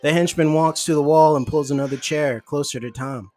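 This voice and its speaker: A man co-hosting a podcast, chatting casually and reading a comic script aloud with animated delivery and frequent laughs. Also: a little high, fairly quick, no echo, faint music behind. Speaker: podcast co-host.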